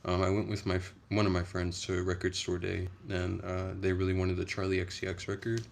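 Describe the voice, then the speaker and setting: Soft-spoken young man with a gravelly low voice. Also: completely flat delivery, brisk, a little hiss or hum. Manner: soft-spoken, rambling, chatty. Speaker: livestream host. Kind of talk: casual livestream chat.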